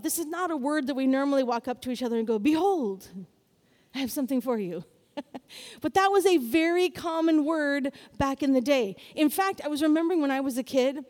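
A woman preaching a sermon to a congregation, animated and building to loud exclamations. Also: high-pitched, in a large hall.

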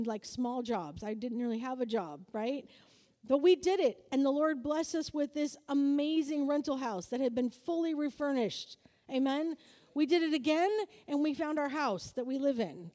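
Woman preacher, high and mellow voice, lively and talky, asks the room for answers, long hall echo. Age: adult, married. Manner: lively, calls for audience answers, acts out quoted voices. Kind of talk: sermon-style teaching to a group.

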